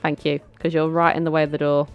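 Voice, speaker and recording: Low-voiced woman playing a game. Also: little pitch movement, quick pace, lo-fi sound. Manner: chatty, bossy with her characters, giggly. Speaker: let's play host. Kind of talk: casual gameplay commentary. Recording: faint background music.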